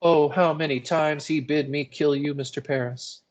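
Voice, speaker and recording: A man's voice: mid-range voice, measured pace, a little mellow, pitched above the performer's own voice, natural voice. A man voicing a desperate enslaved woman accused of witchcraft, speaking in a broken dialect in a play reading. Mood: furious. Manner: broken dialect, pleading then furious.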